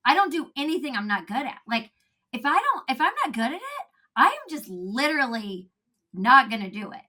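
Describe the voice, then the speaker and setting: A woman talking as a podcast guest, animated and laughing often, acting out quotes in a casual chat. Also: high voice, fairly quick.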